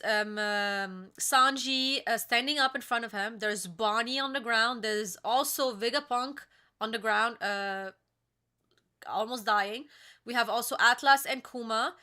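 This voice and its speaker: A young woman reading comic pages aloud in a casual reaction chat, halting with many fillers and restarts. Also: a little high, sharp tone. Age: young adult. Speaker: co-host reacting to a comic chapter.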